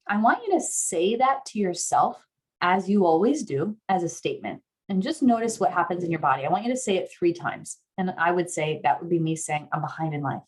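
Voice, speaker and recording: A woman therapist teaching an online workshop, guiding listeners through an exercise in an earnest way, sometimes rising into excited affirmations, heard over a video call. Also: on the low side. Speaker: somatic therapist guest speaker.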